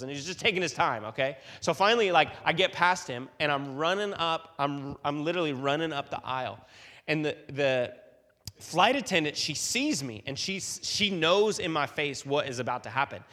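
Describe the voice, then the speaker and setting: Speaking in a large hall, this youth pastor has a slightly high voice and a fairly quick pace. He shares a long personal story with his youth group, animated but full of fillers and restarts.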